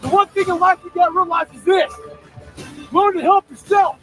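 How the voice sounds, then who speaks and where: A man with a very high voice shouts a forceful, profane motivational speech. He drives each point hard. Faint music sits underneath. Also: moderate pace, rough recording.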